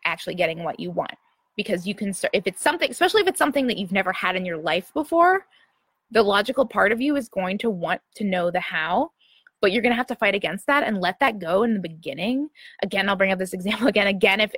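A young woman talks casually to her viewers, easygoing and full of fillers, often checking in with "right?". Her voice sits in a middle pitch range. The sound is close and dry, with no room echo. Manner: chatty, filler-heavy, often asks "right?". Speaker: livestream host answering viewers. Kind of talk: casual motivational chat.

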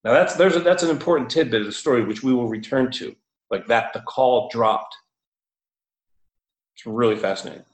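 A man tells a story in a casual, animated way, laughing now and then and leaning on fillers. His voice sits at a middle pitch. A roomy echo surrounds him. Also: normal speed, long pauses.

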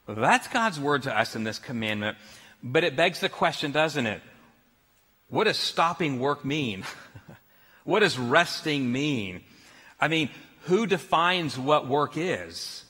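A man's voice: fairly high pitch, slow pace, slightly rough, long reverb tail. A man preaching a sermon as pastor, telling stories with laughs. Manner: storytelling, animated with laughs.

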